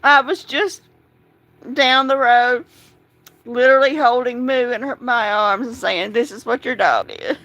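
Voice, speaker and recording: A woman's voice: fairly high pitch, fairly even intonation, normal speed, fairly bright tone. A woman hosting a livestream from home into a phone, upset and tearful, rambling and breaking between shaky laughs and crying. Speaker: livestream host. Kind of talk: live-streamed chat to followers.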